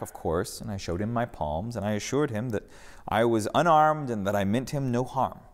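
Guy reading a chill good-natured rabbi, lively ups and downs, echoey hall. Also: fairly low pitch. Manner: unruffled, gently matter-of-fact. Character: calm good-natured rabbi teacher, man.

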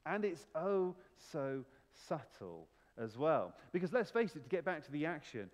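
A man's voice: fairly high pitch, very animated, moderate pace, hardly any pauses, in a large hall. A man preaching a sermon as pastor, emphatic and full of rhetorical questions. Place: church.

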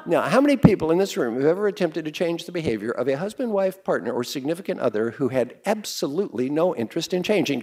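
A man works a live room as a coach, his voice sitting a little high and swinging widely in pitch. He teases and calls on the audience in a playful, motivational talk. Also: very animated, fast, hardly any pauses, a little mellow, slightly rough. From Kentucky, USA. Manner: playful, teasing the audience, calling on people. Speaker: executive coach and speaker.

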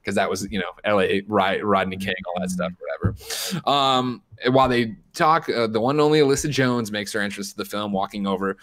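A man in his thirties casually recapping a film on a podcast, retelling scenes with loud bursts of impressions. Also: on the low side, fairly quick. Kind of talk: casual chat.

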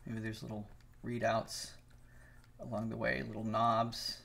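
This middle-aged livestreaming animator talks while he draws, rambling casually and calling out viewers by name to greet and tease them. His voice is on the low side, gravelly and a bit bright, delivered completely flat at a measured pace.

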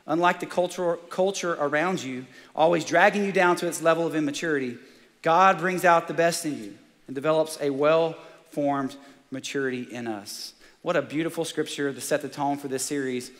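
A male pastor, preaching a sermon with eager, excitable energy. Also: a little high, moderate pace, in a large hall. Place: large church auditorium.

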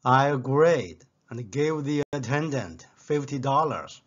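Slow deadpan man telling jokes. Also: mid-range voice, dull audio. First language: Chinese. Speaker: joke teller. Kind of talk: scripted joke telling.

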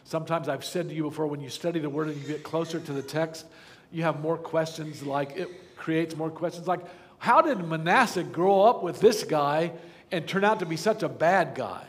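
A man's voice: on the high side, moderate pace, long reverb tail. A man preaching a sermon as pastor, earnest and pleading, often asking the congregation questions. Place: church sanctuary.

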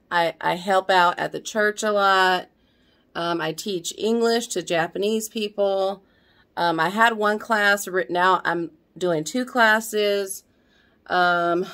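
A woman's voice: mid-range voice, a bit bright. A middle-aged woman chatting to camera at home in a rambling way, slightly out of breath. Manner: rambling, chatty, lots of fillers and restarts. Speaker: vlogger. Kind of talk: casual chat to camera. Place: at home, indoors.

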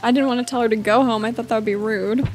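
A woman's voice: fairly high pitch, fairly even intonation, fast talker, darkish tone, faint music behind. A woman giving casual, playful commentary while playing a farming game, chatty and easily delighted. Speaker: let's play host.

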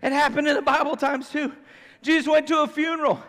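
A man's voice: very high-pitched, little pitch movement, brisk, fairly bright tone, big-room sound. A man preaching a sermon as pastor, conversational and emphatic, often acting out how people would react. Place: church sanctuary.

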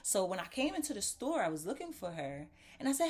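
A woman's voice: medium pitch, fast, hardly any pauses, a little hiss or hum. A woman telling a casual story to viewers, acting out the voices of the people in it. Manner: animated, acts out quoted voices; talks straight to viewers as "y'all". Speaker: talk show host.

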